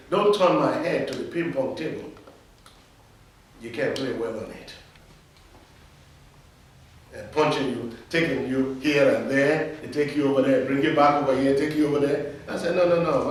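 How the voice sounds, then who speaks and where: Emphatic male preacher in an echoey hall. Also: fairly high pitch. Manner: emphatic call-and-response preaching. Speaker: pastor. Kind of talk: sermon. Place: church. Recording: echoey hall, mic from far off.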